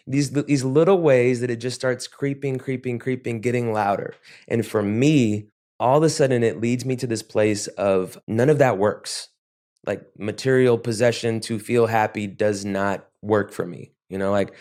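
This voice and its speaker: Male interview guest, lowish voice, reflective and halting. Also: a little mellow. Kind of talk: podcast interview.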